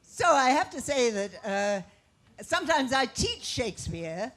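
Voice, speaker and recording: A woman hosting a cabaret show, introducing the next performer with drawn-out announcing. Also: high-pitched, sing-song, fairly bright tone, a little hiss or hum. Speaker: event host. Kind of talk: stage introduction. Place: small cabaret club.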